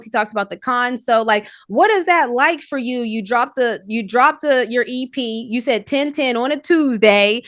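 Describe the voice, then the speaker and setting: A high-voiced woman co-hosts a casual podcast, talking fast and loose with friends. She hypes her guests and talks straight to listeners. The sound is close and dry. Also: no echo. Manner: animated, hypes and urges listeners. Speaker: podcast co-host.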